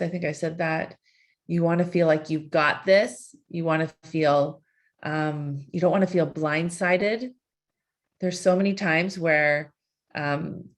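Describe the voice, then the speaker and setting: A woman life coach leading a live online session, asking repeated coaxing questions in a conversational way. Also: deep voice.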